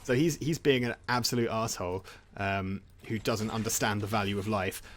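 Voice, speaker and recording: A man's voice: lowish voice, fairly even intonation, moderate pace, a little hiss or hum. A man casually retelling film plots from memory while playing a game. He rambles, jokes and laughs often. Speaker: gaming channel host.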